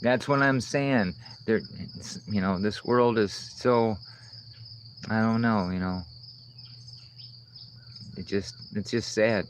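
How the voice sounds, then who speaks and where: A low-voiced man rambles through a casual outdoor livestream, answering chat and swearing freely. Faint insect and cricket noise hums behind him. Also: takes it slowly, pauses often, rough recording. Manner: rambling, profane, talks back to chat comments. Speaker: livestream host reading chat.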